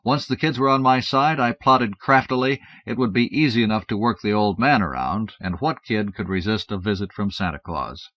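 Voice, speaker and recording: A man's voice: fairly low pitch, normal speed, hardly any pauses, no echo. A man narrating a first-person audiobook in a wry, matter-of-fact storytelling manner. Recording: dull, dry 1970s cassette audiobook.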